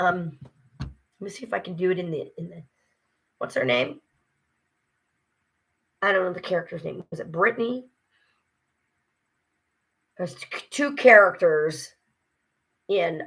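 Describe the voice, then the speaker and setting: A woman's voice: on the low side, expressive, normal speed, long pauses, fairly bright tone, slightly rough. A tired woman ranting casually to camera, frustrated and swearing as she vents. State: exhausted. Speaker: vlogger. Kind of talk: casual vlog rant.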